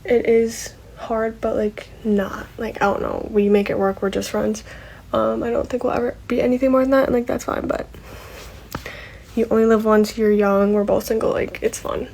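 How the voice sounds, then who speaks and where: A woman's voice: fairly high pitch, flat delivery, moderate pace, creaky, a little mellow, slightly rough, low-quality recording. A woman chatting into her phone while getting ready, chatty and full of fillers. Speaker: vlogger. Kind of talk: get-ready-with-me chat.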